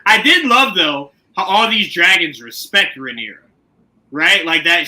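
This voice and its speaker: A man hosts a laid-back recap chat, joking and breaking into quick comic impressions. His voice sits high and rings very bright. His pitch swings widely from line to line. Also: very animated, low-quality recording. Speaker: podcast host.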